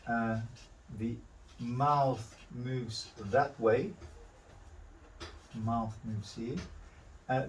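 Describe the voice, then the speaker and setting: A man's voice: mid-range voice, far from the mic, slight background noise, rough recording. A man teaching a drawing demonstration, talking through each step and correcting himself as he goes. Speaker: art instructor.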